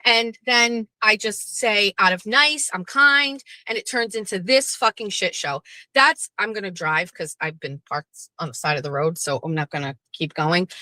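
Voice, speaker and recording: A woman's voice: mid-range voice, normal speed, pushed and bright, no echo, low-quality recording. A middle-aged woman hosting her own show, venting bluntly and profanely in a rambling monologue from her parked car. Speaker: host.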